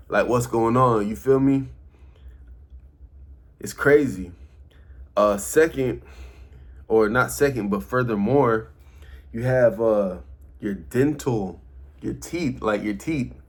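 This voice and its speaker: A man in his early thirties talking casually to camera, loose and repetitive, full of slang and "you feel me?" checks. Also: mid-range voice. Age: early 30s. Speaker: vlogger.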